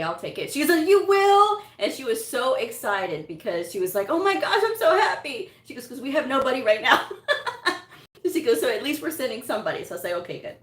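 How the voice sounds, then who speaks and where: A woman telling a personal story in a casual, chatty way, laughing often and quoting what people said to her. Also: on the low side. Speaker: medical coding vlogger. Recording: echoey room.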